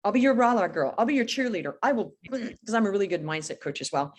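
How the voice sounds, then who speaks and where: A woman in her fifties, a business coach being interviewed, talking in an energetic, emphatic way and telling stories with feeling. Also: mid-range voice, fast talker, husky. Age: 50s. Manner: energetic, emphatic, animated storytelling. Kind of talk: podcast interview.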